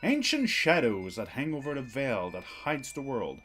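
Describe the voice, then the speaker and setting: A man's voice: mid-range voice, wildly swooping pitch, normal speed, a bit bright, faint music behind. A man voicing a solemn mysterious voice. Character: mysterious male voice speaking of a veil of mists.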